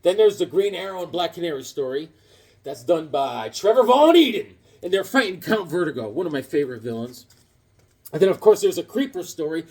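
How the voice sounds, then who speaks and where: A middle-aged man talks through his comic finds in a loose, chatty way. His voice is a little husky and sits on the higher side for a man. He swings it up and down a lot while he tells stories and acts out the people in them. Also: a little fast. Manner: animated storyteller, acts out voices. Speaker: comic book vlogger. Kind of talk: casual show-and-tell chat.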